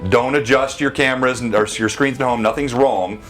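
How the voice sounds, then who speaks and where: A man's voice: mid-range voice, steady tone, a little fast, fairly bright tone. A man hosting a live tabletop game stream as game master, making announcements and narrating scenes dramatically. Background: faint music.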